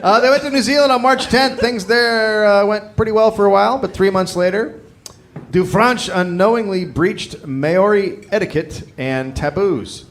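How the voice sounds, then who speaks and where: A man's voice: high-pitched, moderate pace. A man hosting a live comedy podcast, reading a history story from notes with crude jokes and laughter. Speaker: podcast host telling the story.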